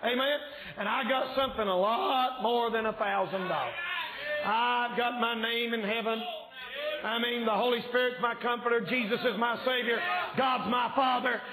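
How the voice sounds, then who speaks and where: Male revival preacher, shouting fervent delivery, slightly strained voice, echoey church room. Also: very high voice, steady tone, moderate pace, noisy background. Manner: yells and shouts when preaching. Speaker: evangelist preacher. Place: church sanctuary.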